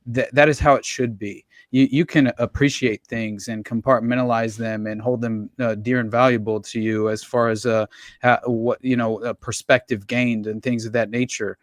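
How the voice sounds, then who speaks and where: A podcast co-host with a medium-pitched voice rambles through casual chat, swearing freely and laughing often. The recording is dry, with clean studio sound.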